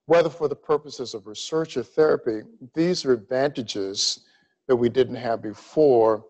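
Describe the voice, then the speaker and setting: A middle-aged man from Louisiana giving a grand rounds medical lecture, emphatic and deliberate in his pacing. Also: medium pitch, darkish tone, lo-fi sound. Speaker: cardiology lecturer.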